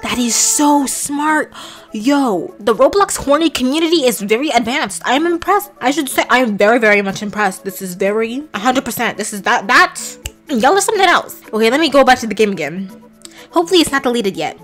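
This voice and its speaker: A young woman reacting loudly while playing a game, laughing and shrieking in playful shock. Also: a little high, very animated, fairly quick, soft background music. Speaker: gaming vlogger.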